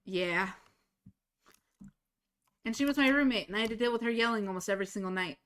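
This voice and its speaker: Casting: blunt, animated woman streamer with a bright voice, chatting while she plays. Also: medium pitch, a little fast. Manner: blunt, swears freely, animated storyteller. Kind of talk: casual chat while gaming.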